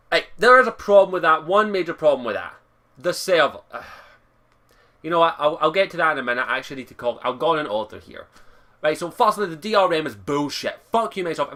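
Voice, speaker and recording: A Scottish man ranting angrily to camera from his bedroom, swearing constantly and bursting out loudly in exasperation. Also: on the high side. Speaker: vlogger. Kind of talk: angry rant to camera. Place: his bedroom, sitting on his bed. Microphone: camera across the room.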